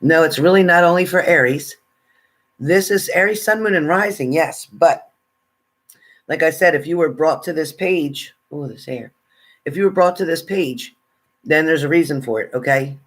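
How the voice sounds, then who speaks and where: A man's voice: fairly high pitch, moderate pace, fairly bright tone. A man in casual live-stream chat, a tarot reader who chats away while reading out viewers' comments. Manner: chatty, reads out viewers' comments, eats while talking.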